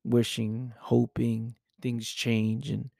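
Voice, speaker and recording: A podcast host delivers an intense, preachy motivational monologue packed with rhetorical questions. His medium-pitched voice is gravelly and mellow, level in tone and slow, captured in studio quality with no echo.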